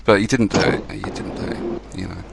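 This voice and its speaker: A man's voice: low-pitched, fairly even intonation, a little fast, gravelly, very noisy. A man hosting a casual podcast, chatty and loose, swearing now and then. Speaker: podcast host.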